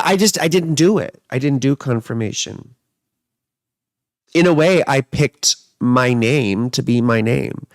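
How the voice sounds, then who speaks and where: A man's voice: mid-range voice, no echo. A man, an astrologer and tarot reader, chatting casually on a livestream and answering viewer comments in a rambling, playful way. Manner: rambling and playful, mixing jokes with musing.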